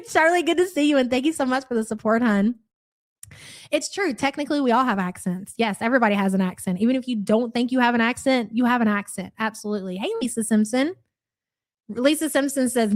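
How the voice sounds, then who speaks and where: A woman from the Louisville, Kentucky area, with a Louisville accent, hosts a live reaction stream, reading chat messages aloud in a blunt, sarcastic, profane manner. Her voice is a little high and fairly quick, with clean studio sound and no room echo.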